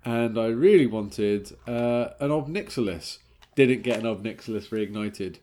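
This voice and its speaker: Chatty man, low voice. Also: a little mellow. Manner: chatty and quick, laughs often. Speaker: podcast co-host. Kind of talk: casual chat.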